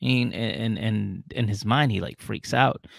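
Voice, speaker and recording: A man with a gravelly edge to his voice, recapping a show casually on a podcast. He rambles, repeats himself and jumps into acting out scenes. The recording is close and dry. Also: lowish voice, a little slow, no room sound. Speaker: podcast co-host.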